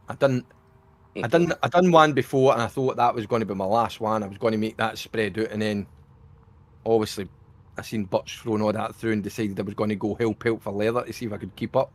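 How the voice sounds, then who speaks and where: A man's voice: on the low side, fairly even intonation, fairly quick. A middle-aged Scottish man chatting casually while streaming a game, swearing freely and laughing often. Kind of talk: casual gaming chat.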